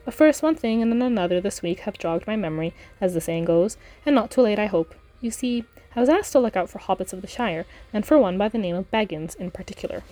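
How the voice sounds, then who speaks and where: A woman voicing a bumbling, chatty middle-aged male innkeeper who rambles apologetically and is slow to reach his point. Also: mid-range voice, lively intonation, warm tone, close to an everyday voice. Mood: apologetic.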